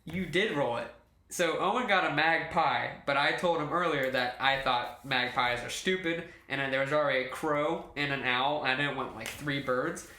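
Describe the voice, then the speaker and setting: A man's voice: mid-range voice, normal speed, pushed and bright, echoey room. A man acting as game master, explaining the rules in a rambling way, full of fillers and restarts. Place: room shared with players.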